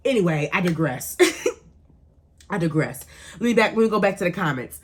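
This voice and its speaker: Animated woman chatting and laughing. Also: on the low side, normal speed, pauses often, breathy edge. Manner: animated, laughing, emphatic repetition. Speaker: radio show host. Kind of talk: casual chat reading live comments.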